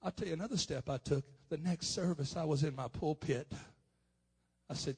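A man preaching a personal testimony at a conference. He is impassioned and swings from hushed telling to loud outbursts. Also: fairly high pitch, moderate pace, slightly rough. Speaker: pastor. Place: conference hall.

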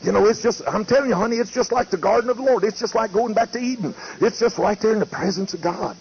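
A man's voice: high voice, quick pace, gravelly, a little mellow, breathy edge, voice pushed up, full character voice. A preacher putting on the voice of old Lot, a worldly patriarch coaxing his wife, with a folksy drawl and a wheedling, sweet-talking manner. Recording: muffled lo-fi tape with faint hiss.

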